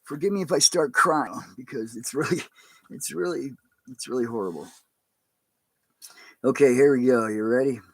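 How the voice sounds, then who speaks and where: A man who is a pastor, talking in a casual, rambling and halting way on a livestream. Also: medium pitch.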